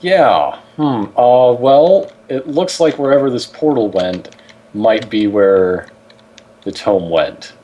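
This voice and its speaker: A man's voice: mid-range voice, expressive, takes it slowly, dark tone, muffled recording. A man playing a tabletop game, chatty and hesitant, with stammers. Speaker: player. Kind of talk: casual tabletop play.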